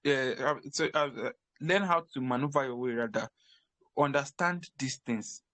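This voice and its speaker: An emphatic man from Africa coaches listeners on crypto jobs. His voice sits at a middle pitch, and he repeats key phrases as he restarts his sentences. The recording is dry and close, with no room sound. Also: normal speed, fairly bright tone, dry recording. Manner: repetitive, emphatic, frequent restarts. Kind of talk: casual advice talk.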